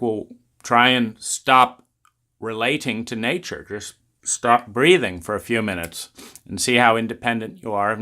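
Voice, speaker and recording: A man speaks in a measured, deliberate way, stretching out key words as he builds his argument. His voice is bright and forceful, and he lets the ideas land slowly. He leans on rhetorical questions to drive his points home. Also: mid-range voice. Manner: unhurried, questioning, drawn-out emphasis. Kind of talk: philosophical talk.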